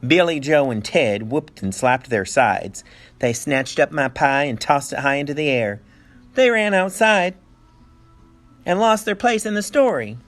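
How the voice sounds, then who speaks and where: A male teacher reading a picture book aloud with animated storytelling and playful asides. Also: on the high side, a little slow, faint music behind.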